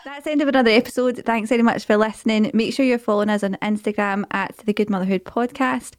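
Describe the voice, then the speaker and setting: A woman's voice: a little high, fairly even intonation, fast talker, smooth, dry recording, studio quality. A young woman co-hosting a casual chat podcast, chatty and signing off the show. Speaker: podcast co-host.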